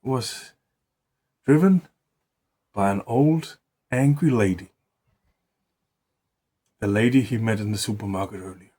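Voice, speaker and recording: Husky guy making up a story as he goes, lots of swearing. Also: on the low side, unhurried, pauses often, dark tone. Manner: rambling, profanity-laced, restarts words. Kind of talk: improvised casual storytelling.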